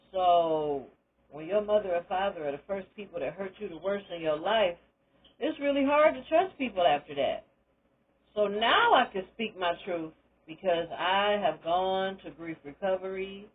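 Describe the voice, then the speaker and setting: Husky older woman giving candid testimony. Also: on the low side, narrow, tinny audio. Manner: candid, emphatic, preacherly encouragement. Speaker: retired teacher sharing her story. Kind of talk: personal testimony monologue.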